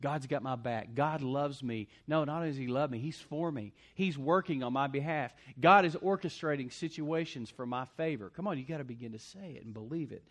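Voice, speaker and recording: A man preaching a sermon as pastor, swinging between loud punchy lines and quiet asides. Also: on the high side, a little fast, hardly any pauses.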